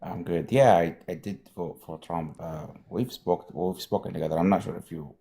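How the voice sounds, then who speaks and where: A man's voice: low-pitched, fairly even intonation, normal speed, vocal fry, dark tone. A man in his thirties from Pennsylvania, calling in to debate, hesitant with many fillers. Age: 30s. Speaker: caller. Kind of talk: call-in debate.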